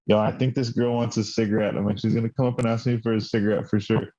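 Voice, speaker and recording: A man's voice: fairly low pitch, level tone, fast talker, dark tone. Profane young man telling a rambling story. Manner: profane, rambling, acts out quoted dialogue. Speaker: podcast co-host. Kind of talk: casual storytelling chat. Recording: dull lo-fi podcast audio.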